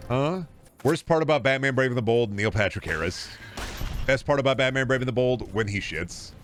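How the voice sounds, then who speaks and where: A man's voice: mid-range voice, animated, fairly quick, a bit bright, soft background music. A man chatting casually and swearing freely as he streams a game, rambling from one joke to the next. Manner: rambling, profane, jokey.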